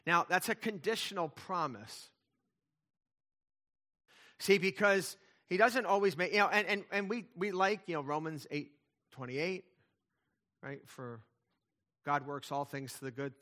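Bright-voiced man preaching with fervor. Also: a little high, lively intonation, a little slow, long pauses. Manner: emphatic preaching with rising and falling intensity. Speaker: pastor. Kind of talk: sermon.

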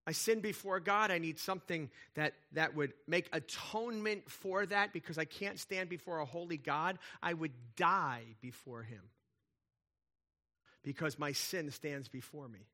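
High, bright-voiced male preacher. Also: a little slow. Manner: conversational, animated, checks in with "right?"; playful asides and humor. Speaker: pastor. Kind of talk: sermon.

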